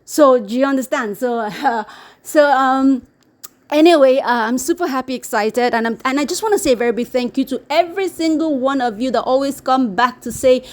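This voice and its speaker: A high-pitched woman talks straight to her viewers in a loose, chatty vlog. She repeats herself, stacks up phrases and slips into quick impressions of the people she quotes. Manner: animated, repeats words, mimics quoted people. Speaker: YouTube vlogger. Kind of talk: casual to-camera chat. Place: living in Brazil.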